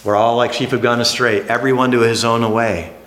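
A man preaching a sermon, emphatic, dropping to hushed lines and then rising to animated exclamations. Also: mid-range voice, a little fast. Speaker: pastor. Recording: echoey hall.

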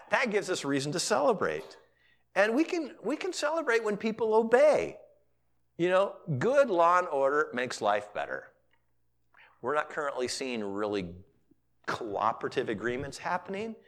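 A man, a pastor, preaching a sermon and retelling scripture as lively storytelling, with casual voices for the characters. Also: sits high. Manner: animated storytelling, paraphrasing characters in casual modern speech.

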